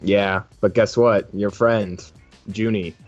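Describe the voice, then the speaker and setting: A man's voice: fairly low pitch, steady tone, slow. A man narrating as game master of a tabletop game, teasing the players and laughing often. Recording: muffled lo-fi audio with faint music.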